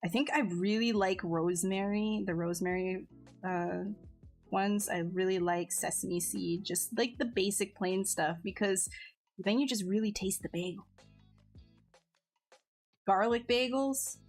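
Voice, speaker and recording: A woman's voice: mid-range voice, a little slow. Casual woman streamer, bubbly and chatty, mid-range voice, faint music underneath. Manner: bubbly, chatty, laughs often, many likes and restarts. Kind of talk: casual chat with live chat.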